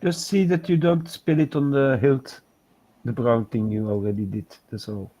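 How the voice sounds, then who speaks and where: On a casual livestream, a man co-hosting a painting chat show patiently coaches someone through painting step by step. His mid-range voice is warm, with fairly even intonation and a moderate pace, and the sound is lo-fi.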